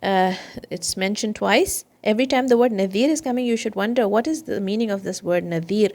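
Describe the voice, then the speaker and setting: A woman teaches children Quran recitation in a patient, measured way. She breaks each word into its sounds and repeats it slowly so young learners can follow. Her voice sits at an ordinary middle pitch for a woman. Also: darkish tone. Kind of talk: children's Quran and tajweed lesson.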